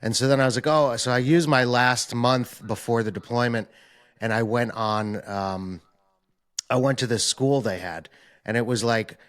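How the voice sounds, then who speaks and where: A man's voice: mid-range voice, moderate pace. A young American man hosts a podcast, his voice sitting right in the middle range. He talks loosely and informally, dropping "like" and "um" as he tells his own story. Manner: relaxed and informal, with frequent fillers like "like" and "um". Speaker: podcast host. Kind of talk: casual interview chat.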